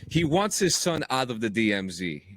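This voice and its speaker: A man chats on a podcast with a lively, swooping voice that rises and falls a lot, tripping over his words as he restarts sentences. The sound is dry and close, with no room around it. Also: medium pitch, moderate pace, no room sound. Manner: animated, stammering restarts. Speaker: podcast host and audio drama producer. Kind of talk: casual podcast chat.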